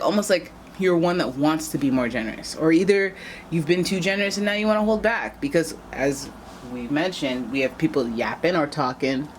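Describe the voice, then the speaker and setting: A woman with a low voice reads tarot cards in a casual, chatty way. She talks straight to her viewers and wanders into playful asides, with a faint hiss in the background. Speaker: tarot reader. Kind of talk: casual tarot reading to camera.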